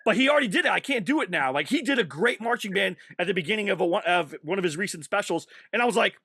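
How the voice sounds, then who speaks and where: Man, comedian, casual podcast chat, high bright voice, dry close sound. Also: slight background noise. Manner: animated, laughs often, quick asides.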